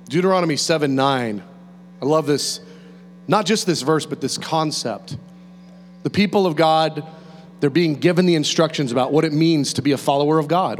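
A man preaching a sermon in an animated, conversational way, with restarts and quick laughs. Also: a little high. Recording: reverberant hall, faint mains hum.

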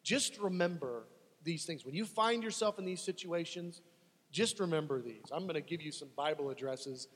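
High-voiced husky male preacher. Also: expressive, normal speed, fairly bright tone, in a large hall. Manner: dramatic, acts out desperate pleas to God. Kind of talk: sermon.

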